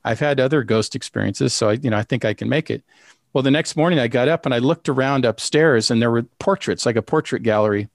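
A man telling a personal story in a casual, halting way, with many fillers and restarts. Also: mid-range voice, dry recording, clean studio sound. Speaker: storyteller recounting a ghost experience. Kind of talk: casual spoken anecdote.

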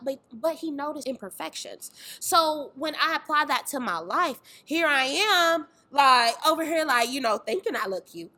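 A young woman, a fitness trainer sharing a candid faith testimony, telling it in a lively way with acted-out voices and exclamations. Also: sits high, normal speed, hardly any pauses. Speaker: fitness trainer and dance tour organizer.

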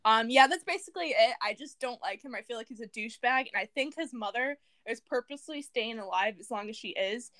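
Blunt, opinionated young podcast co-host with a Southern accent; high, bright tone. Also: female voice, a little fast, few pauses, dry recording. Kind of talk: casual chat.

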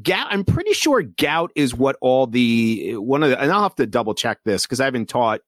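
A man's voice: mid-range voice, very animated, moderate pace, no room sound, clean studio sound. A man hosting a casual movie podcast, joking and rambling with lots of puns. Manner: jokey, rambling, punning. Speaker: podcast host. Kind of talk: casual chat.

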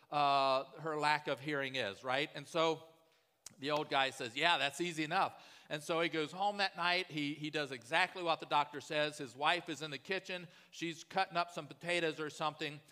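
Pastor, man, conversational preacher with a bright, strong voice, recorded in a reverberant sanctuary. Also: a little high, fairly even intonation, normal speed, clean tone. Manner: conversational storytelling, often asks "right?". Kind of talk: sermon.

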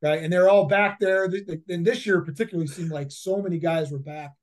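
A man's voice: high-pitched, fairly even intonation, fairly quick. A man in his fifties, a head football coach, telling stories in a casual interview, rambling with many fillers and repeated words. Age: 50s.

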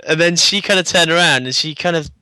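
A man on a podcast telling a story in casual chat, animated, acting out the dialogue and laughing often. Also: on the high side, fast talker, clean tone, dry recording.

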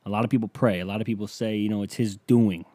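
Mellow-voiced man ranting profanely. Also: fairly low pitch, steady tone, fast talker, dry recording. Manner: profane, ranting, mock-yells in bursts. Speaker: podcast host. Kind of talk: casual comedic monologue.

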